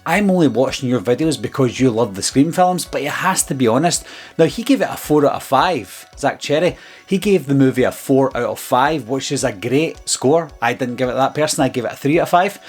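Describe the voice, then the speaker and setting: A man's voice: on the high side, a little fast, slightly rough. A man speaking as a film-review YouTuber, giving an earnest, exasperated casual commentary about his critics. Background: faint background music.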